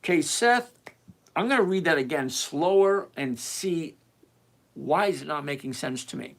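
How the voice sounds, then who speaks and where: A livestream host teaching options trading, reading out and answering chat questions in an animated, chatty, direct and repetitive way. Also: mid-range voice, moderate pace, gravelly.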